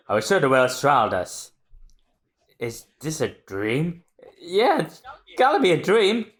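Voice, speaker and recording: Podcast co-host, slow delivery, wide-swinging pitch, laughs a lot, casual comic readthrough. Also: a bit bright. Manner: slow, laughing reactions with voiced character lines. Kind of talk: casual chat, manga readthrough.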